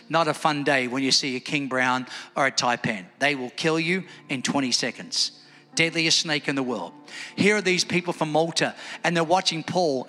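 Male preacher, high and lively, in a reverberant hall with light music underneath. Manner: lively, calls for congregation responses. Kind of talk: sermon. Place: church hall. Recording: echoey hall with faint music.

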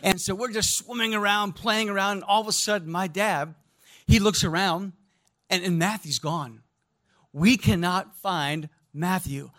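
A man preaching a sermon, telling stories in an animated way and speaking directly to his congregation. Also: high voice, measured pace. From American Midwest. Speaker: pastor.

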